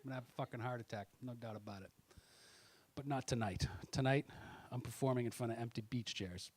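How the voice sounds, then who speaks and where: A man doing stand-up comedy with crowd work, swearing constantly and swinging from muttered asides to loud angry outbursts. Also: mid-range voice, fast talker, a little hiss or hum.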